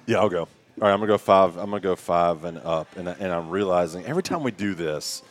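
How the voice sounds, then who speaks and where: A man's voice: deep voice, fast. A man co-hosting a podcast, chatting casually and retelling movie scenes with laughter and animation. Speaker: podcast co-host. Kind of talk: casual chat.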